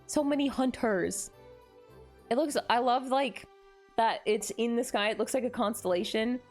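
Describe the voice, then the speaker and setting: A woman streamer chatting casually on a live stream, gushing and excitable, often gasping in delight. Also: on the high side, normal speed, soft background music. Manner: gushing and excitable, frequent gasps.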